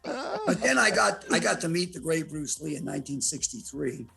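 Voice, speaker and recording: A man's voice: on the high side, normal speed, over music. A man in his eighties telling brash, profane stories as a podcast interview guest. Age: 80s. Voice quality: gravelly, husky voice. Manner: brash, profane, animated storyteller. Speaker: interview guest, martial artist.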